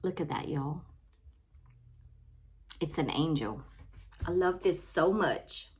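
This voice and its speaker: A woman's voice: deep voice, expressive, takes it slowly, a little mellow. A woman hosting a casual unboxing vlog, heartfelt and close to tears, repeating her thanks over and over. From Louisiana. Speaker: crafting channel host.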